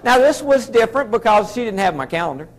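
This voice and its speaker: A man's voice: sits high, sing-song, quick pace. A middle-aged man with a Southern American accent, telling a folksy story as a motivational speaker addressing an audience. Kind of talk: storytelling keynote speech.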